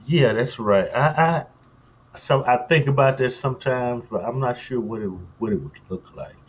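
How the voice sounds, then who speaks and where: A man in casual chat on a stream, hesitant and halting with many fillers. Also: medium pitch, husky, dull audio.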